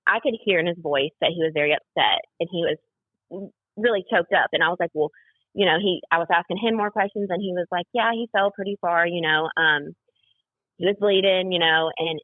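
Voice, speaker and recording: In a lowish voice with no room sound, a young woman tells a personal story during a casual podcast interview. She rambles, leans on fillers and acts out what others told her, and the audio is tinny and phone-like.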